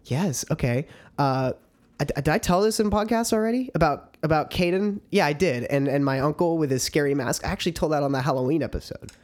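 A man's voice: a little high, a little fast. A young man co-hosting a podcast, chatting casually, laughing easily and swearing often. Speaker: podcast co-host. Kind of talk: casual chat, storytelling.

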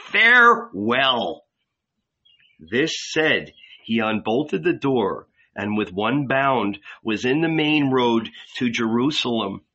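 Measured male audiobook reader, unhurried, dull recording. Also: mid-range voice. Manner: calm, measured reading. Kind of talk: scripted narration of a novel.

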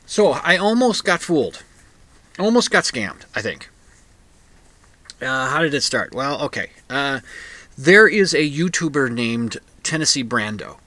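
A man's voice: medium pitch, very animated, unhurried, sharp tone, no echo. A man hosting a radio talk show, rambling through a casual monologue full of fillers and sudden heated rants, recorded in a comic book shop.

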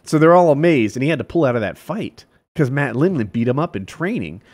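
Animated man telling stories. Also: mid-range voice, brisk. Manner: animated storyteller, acts out quotes loudly. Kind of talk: casual storytelling chat.

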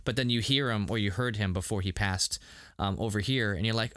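Lowish voiced dude rambling about an episode, laughs a lot, dry sound. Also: male voice, brisk, no room sound. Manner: animated, laughing, frequent restarts. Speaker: podcast co-host. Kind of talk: casual review chat.

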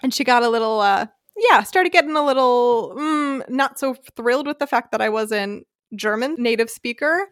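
Animated American woman telling a story. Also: a little high, normal speed, hardly any pauses, smooth, no room sound, studio quality. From United States. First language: English. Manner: animated, acts out quoted voices. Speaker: podcast host. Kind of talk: casual storytelling.

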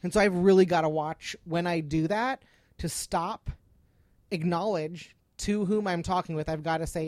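A woman's voice: fairly low pitch, moderate pace, darkish tone, no echo. A woman speaking on a podcast in an earnest, emphatic way, often repeating herself. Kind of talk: casual podcast chat.

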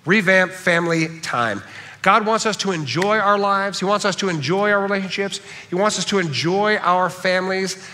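A man's voice: high voice, pushed and bright, long reverb tail. A man preaching a sermon, earnest and repeating key phrases for emphasis, with a lingering dry cough. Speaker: pastor.

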